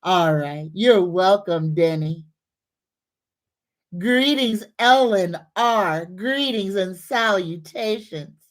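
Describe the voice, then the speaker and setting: A woman's voice: mid-range voice, lively intonation. A woman hosting a psychic livestream, greeting viewers, reading comments and leading affirmations. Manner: greets viewers warmly, leads slow repeated affirmations.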